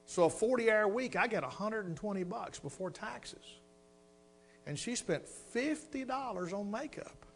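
A man's voice: high voice, expressive, unhurried, vocal fry, fairly bright tone, slight background noise. A middle-aged man preaching a sermon, telling a folksy personal story and addressing the congregation as folks.

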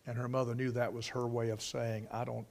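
A man preaching a sermon, moving from quiet storytelling to loud, emphatic preaching. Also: medium pitch, level tone, a little fast.

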